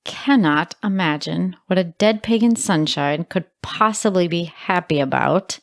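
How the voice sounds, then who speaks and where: A woman co-hosting a podcast in a small studio, speaking in animated casual chat with mock indignation. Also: lowish voice, a little slow, creaky. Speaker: podcast co-host.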